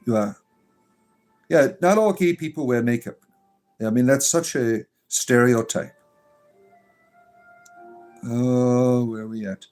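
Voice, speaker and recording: A man's voice: medium pitch, slow, pauses often, a little mellow. A man with a mid-range voice hosts a livestream, reading chat comments aloud and answering them. He sounds exasperated and sarcastic, and his talk is full of ums and uhs. Faint music plays behind him. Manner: exasperated, sarcastic, with many fillers. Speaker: pagan clergy livestream host.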